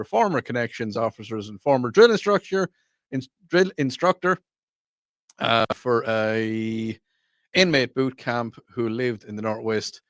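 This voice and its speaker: Animated Irish man hosting talk radio. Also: medium pitch, no echo, studio quality. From Ireland. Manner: rambling, animated, frequent restarts. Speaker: radio talk show host. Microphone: studio microphone.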